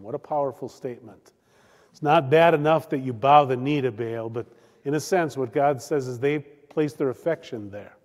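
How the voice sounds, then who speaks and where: A pastor preaching a sermon, swinging between loud declaiming and hushed, drawn-out emphasis. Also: male voice, mid-range voice, in a large hall.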